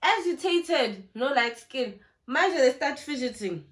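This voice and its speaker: A young South African woman telling a story in a casual, animated way, acting out what people said. She records on her phone. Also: high voice, unhurried. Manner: animated, acts out what people said, mixes in isiZulu slang. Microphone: phone camera.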